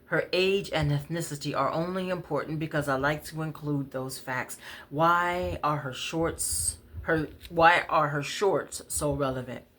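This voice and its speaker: A woman's voice: sits low, unhurried, hardly any pauses, fairly bright tone. Wry conversational woman storyteller. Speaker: poet, storyteller. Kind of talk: spoken-word story reading.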